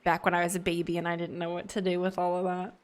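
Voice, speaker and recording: A woman's voice: on the low side, completely flat delivery, fast talker. A woman from the Southern United States with a Southern American accent, chatting casually and rambling while she streams a game. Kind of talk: casual live-stream chat.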